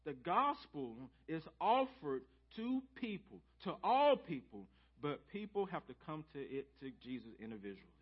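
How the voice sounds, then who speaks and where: High-voiced preacher, loud then hushed. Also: male voice, very animated, moderate pace, hardly any pauses, slightly rough. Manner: dynamic, swings from loud emphasis to hushed near-whispers. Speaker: pastor. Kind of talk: sermon. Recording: slightly dull lo-fi church audio.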